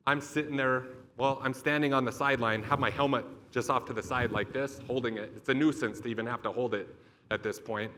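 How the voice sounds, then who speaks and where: A man's voice: medium pitch, bright, forceful tone, a little hiss or hum. A man giving a motivational keynote talk, telling a vivid story with lots of swearing. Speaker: motivational speaker. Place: event stage.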